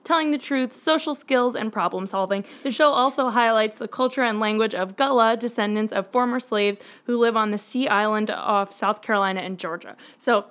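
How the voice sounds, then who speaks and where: A woman's voice: a little high, moderate pace, few pauses, a bit bright. A young woman co-hosting a casual podcast, chatty and self-mocking, laughing often and reading show summaries with lots of ums. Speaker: podcast co-host.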